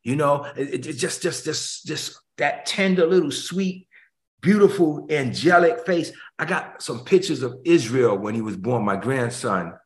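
An older man, a pastor, preaching an emotional sermon that swings between hushed tones and loud emphasis. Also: a little high, lively intonation, measured pace. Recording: echoey room.

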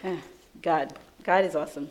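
Animated woman giving church testimony. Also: deep voice, moderate pace, rough recording. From New York. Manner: animated storytelling, laughing often. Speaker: church speaker. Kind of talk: sermon testimony.

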